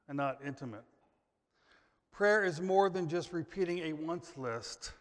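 American pastor preaching in a reverberant church. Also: male voice, on the high side. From United States. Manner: emphatic preaching with repetition and sudden loud rises. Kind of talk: sermon. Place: church sanctuary. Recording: long hall reverb.

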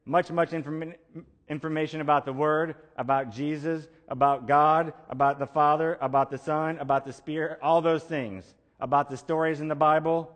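A man's voice: a little high, big-room sound. A male pastor giving a conversational sermon, repeating key phrases for emphasis. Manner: conversational preaching with emphatic repetition.

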